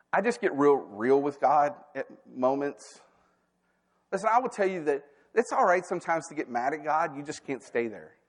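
A man's voice: a little high, long reverb tail. A man preaching a sermon as a staff pastor, candid and conversational, with asides and quoted inner thoughts. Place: church sanctuary.

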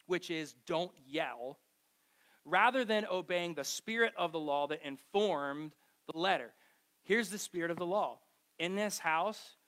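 A man's voice: on the high side, a bit bright. Man preaching in a chatty, joking way. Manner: conversational, self-mocking storytelling with acted-out quotes. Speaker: pastor. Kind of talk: sermon. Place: church hall with a live congregation.

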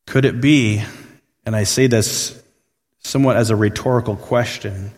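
A man preaching a sermon as pastor, telling a story in an animated way and acting out the voices he quotes. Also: on the low side, moderate pace. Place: church sanctuary. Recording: long reverb of a large hall.

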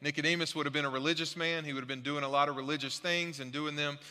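A man's voice: fairly high pitch, fairly even intonation, fast talker, sharp tone, in a large hall. A male pastor preaching a sermon in a church, earnest and emphatic, repeating his key points. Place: church sanctuary.

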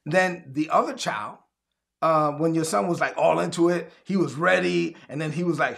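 Male pastor, high gravelly voice, preaches with animated acted-out dialogue. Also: moderate pace. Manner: animated, acts out conversations in his own voice; calls for audience responses. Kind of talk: sermon.

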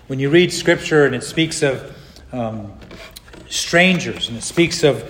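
A man's voice: mid-range voice, unhurried, a bit bright, a little hiss or hum. A middle-aged man from California preaching a sermon, telling a personal story and acting out the people he quotes. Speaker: pastor. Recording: long hall reverb.

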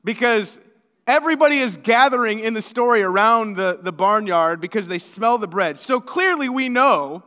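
High, bright-voiced folksy pastor. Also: male voice, lively intonation, moderate pace, big-room sound. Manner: folksy, conversational, repeats words. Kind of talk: sermon with prayer and storytelling.

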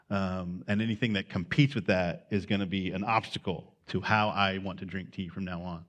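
Low-voiced pastor in loose sermon talk. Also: male voice, brisk, a bit bright. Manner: conversational, unscripted, with frequent fillers.

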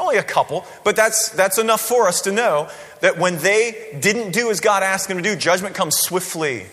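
A man preaching a sermon in a church, conversational and animated, often checking in with "right?". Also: high-pitched. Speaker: pastor. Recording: long hall reverb.

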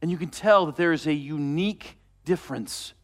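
Guy preaching a sermon, slightly high voice, tells the story and goes soft and quiet on the quotes. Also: normal speed. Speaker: pastor.

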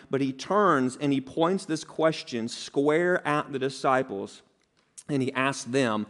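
A man's voice: fairly high pitch, lively intonation, unhurried. A man preaching a sermon, emphatic, with repeated phrases, rhetorical questions and some dry humor. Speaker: pastor.

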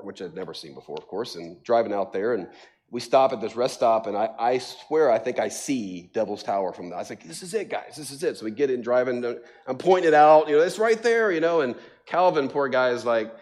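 Laughing, animated man telling stories to a congregation. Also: medium pitch. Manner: animated, self-mocking storytelling with frequent laughter and fillers. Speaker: pastor. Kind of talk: sermon, storytelling to a congregation. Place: church sanctuary.

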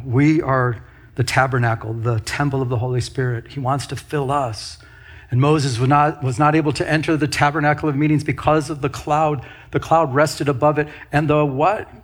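Husky-voiced man preaching a sermon. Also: medium pitch, steady tone, normal speed. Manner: leads congregation in call-and-response; repeats and restarts phrases while preaching. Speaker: pastor.

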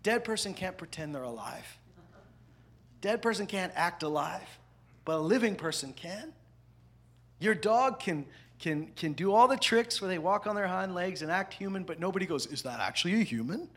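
A man preaching a sermon, animated, swinging between loud emphatic lines and hushed asides. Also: high voice, moderate pace. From parents from the American South. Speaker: pastor.

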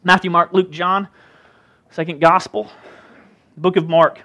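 A male pastor preaching a sermon in an animated, conversational way, with jokey asides. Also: sits high, unhurried.

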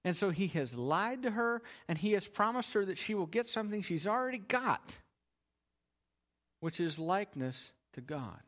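Here the preacher's voice is high-pitched and a bit bright, swinging widely in pitch at a normal speed. Teaching from a Bible passage in expository style, he raises questions for listeners, resolves them himself, and stresses key terms.

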